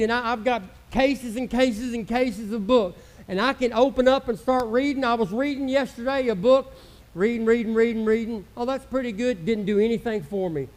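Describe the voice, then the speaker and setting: A male pastor preaching a sermon with passion, swinging from loud outbursts to hushed, intimate murmurs and acting out the voices of doubters. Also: sits high. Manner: acts out quoted voices of doubters.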